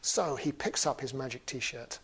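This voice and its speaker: Animated man telling a fable. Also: medium pitch, normal speed, creaky, breathy edge. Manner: animated, with humorous asides. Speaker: storyteller. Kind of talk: storytelling talk.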